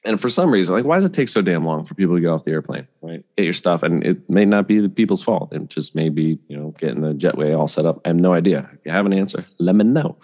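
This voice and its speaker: A man's voice: low voice, expressive, quick pace, hardly any pauses, a little mellow, in a large hall. A man casually telling a long, rambling travel story as a podcast host, full of fillers and asides.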